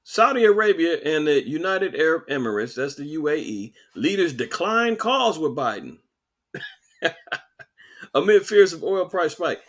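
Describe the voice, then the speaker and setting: Animated man ranting sarcastically. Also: a little high, a little slow. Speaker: podcast host. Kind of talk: ranting political commentary.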